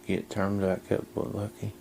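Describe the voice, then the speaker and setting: A man vlogging casually with a camcorder, chatting to his dogs and hushing his voice indoors. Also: fairly low pitch, little pitch movement, normal speed, creaky, a little hiss or hum. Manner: talks to his dogs in a coaxing voice, drops to a hush indoors. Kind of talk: casual vlog narration to camera. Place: house indoors, then backyard outdoors. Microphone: handheld camcorder mic.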